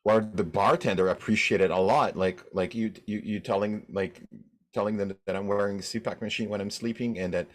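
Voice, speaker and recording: A man's voice: lowish voice, steady tone, fairly quick, close to an everyday voice. A man in an improv comedy scene, playing a touchy, prickly brother who rambles with many "like" fillers. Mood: complaining. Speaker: improv performer.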